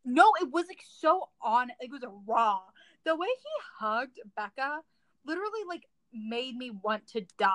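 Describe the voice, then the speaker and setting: A young woman with a high, bright voice recapping in a dramatic, excitable rush, leaning on "like" constantly. The sound is close and dry, with no room around her. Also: measured pace, dry recording, rough recording. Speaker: podcast co-host. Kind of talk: casual chat.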